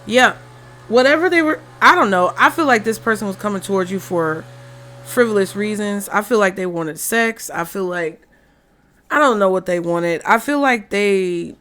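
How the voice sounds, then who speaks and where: Bright-voiced woman giving a chatty tarot reading. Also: medium pitch, expressive, normal speed. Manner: chatty, swears freely, thinks aloud. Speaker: tarot reader. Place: room at home with a window open. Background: faint street and traffic noise.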